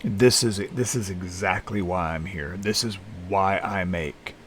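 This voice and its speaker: A man talking unscripted to camera alone in a small room, tired and halting, with many restarts and fillers. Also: sits low, a bit bright, slight background noise. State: lethargic, tired. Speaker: vlogger in recovery. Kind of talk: unscripted personal vlog. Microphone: camera facing speaker.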